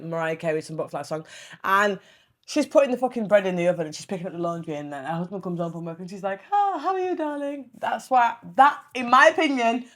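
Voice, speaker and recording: A young woman, hosting a casual solo podcast, blunt and animated, swearing freely as she tells stories. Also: medium pitch. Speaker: podcast host.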